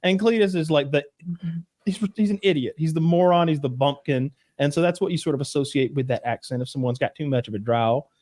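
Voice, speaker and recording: A man's voice: a little high, brisk, a little mellow. A man from the southern United States chatting as a podcast co-host, rambling through stories with swearing and restarts. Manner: rambling storyteller, profane, full of restarts. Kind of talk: casual chat.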